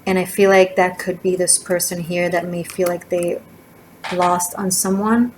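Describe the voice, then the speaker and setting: A tarot reader gives a casual, rambling reading, drifting between topics with plenty of fillers in a chatty, digressive way. Her voice is lowish, flat, unhurried, and darkish, on a rough recording made indoors by a street, with faint sirens and motorcycles outside.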